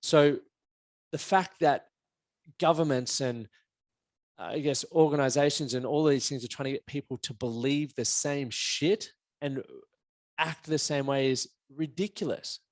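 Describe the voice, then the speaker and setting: A man's voice: medium pitch, measured pace, no echo, clean studio sound. A man hosting a casual podcast chat, a coach who talks frankly and swears freely. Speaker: podcast host, men's performance coach.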